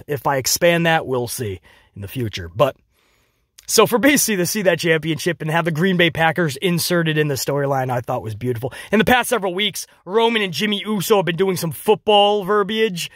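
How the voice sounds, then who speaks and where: A man reviewing a wrestling show in casual solo commentary, animated and jokey, slipping into quick mocking impressions. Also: fairly high pitch, no room sound, studio quality.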